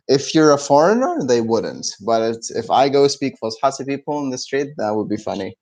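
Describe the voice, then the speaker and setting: A young Egyptian man teaching his language on a live stream, answering viewer questions in a relaxed way and often laughing. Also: medium pitch, unhurried, low-quality recording. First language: Egyptian Arabic.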